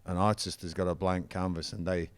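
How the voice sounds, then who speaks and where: Speaking a little fast with fairly even intonation, a middle-aged man in a casual interview has a smooth, low-pitched voice and no echo around him. The former football manager and musician rambles through his stories enthusiastically.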